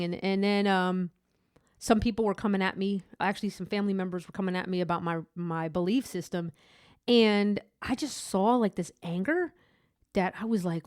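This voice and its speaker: A woman's voice: mid-range voice, fairly quick, darkish tone, no room sound. Woman podcaster, candid testimony, rambling delivery, dry close sound, mid-range voice. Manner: rambling, candid, many restarts and fillers. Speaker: podcast host. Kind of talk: personal faith testimony.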